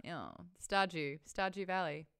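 A young Australian woman hosting a casual live stream, playful and quick to laugh as she toys with how words sound. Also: lowish voice, a bit bright, clear, resonant tone. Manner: playful, bursts into laughter, plays with word sounds. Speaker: streamer host.

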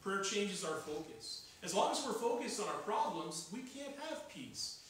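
A man's voice: sits high, big pitch swings, normal speed, fairly bright tone. A man preaching a sermon as pastor, earnest and building to urgent emphasis, recorded in a church sanctuary. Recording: echoey hall, voice from far off.

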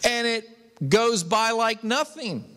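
Man, pastor, emphatic sermon, high lively voice, unhurried, echoing hall. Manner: emphatic, exclamatory preaching.

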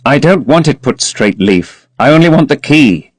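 A man voicing a petulant, impatient young gentleman who gives curt, clipped commands. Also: medium pitch, lively intonation, moderate pace, no room sound, pitched above the performer's own voice, close to an everyday voice.

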